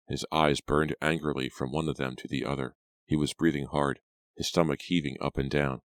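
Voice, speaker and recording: Brief: deep male narrator, steady storytelling, dry studio sound. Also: no room sound. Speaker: audiobook narrator. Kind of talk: scripted narration.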